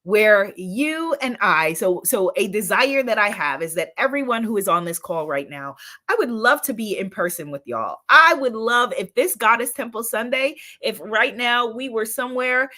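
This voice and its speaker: A woman's voice: a little high, lively intonation, normal speed, pushed and bright. A woman hosting an inspirational live-stream talk, enthusiastic, laughing often and repeating affirmations. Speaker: spiritual host.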